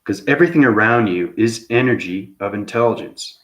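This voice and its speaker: Deep-voiced male host, meandering spiritual talk, habitual "okay?" check-ins. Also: fairly quick. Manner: repeats "okay?" as a tag after phrases; loose, searching phrasing with restarts. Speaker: channel host. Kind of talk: rambling spiritual monologue.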